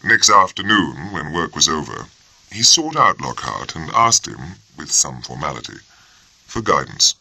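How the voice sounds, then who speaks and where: A man narrating an audiobook in a measured, steady storytelling manner, close to the mic. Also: extremely low pitch, creaky, breathy edge, dry recording. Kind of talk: scripted narration.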